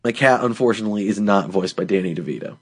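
A male podcast host with a very animated, swooping voice. He banters playfully and now and then puts on an overblown, solemn delivery for laughs. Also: lowish voice, fast talker, slightly rough. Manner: jokey, slips into mock-grand solemn delivery.

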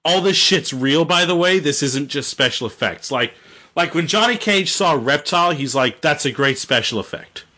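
A man's voice: a little high, expressive, moderate pace, sharp tone. A man casually retelling a video game story, rambling and jokey with lots of fillers. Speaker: storyteller host.

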